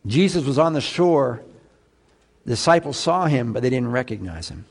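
A man preaching a sermon, asking the congregation questions, getting loud on emphatic lines and dropping low and quiet on others. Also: lively intonation, normal speed. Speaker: pastor.

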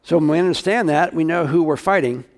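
A man's voice: on the high side, fast. A male pastor preaching a sermon, talking casually and asking his congregation questions.

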